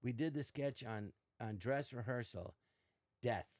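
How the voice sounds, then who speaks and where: A man's voice: medium pitch, measured pace, no room sound, studio quality. An older man, a podcast guest, telling stories in casual chat and acting out quoted lines with shifting voices. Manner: animated, acts out quotes in varied voices.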